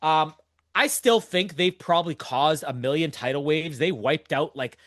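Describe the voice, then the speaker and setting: A young man hosts a podcast, enthusiastically and casually recapping a movie while rambling and laughing often. His voice is on the high side and a bit bright, at normal speed, in clean studio sound with no echo.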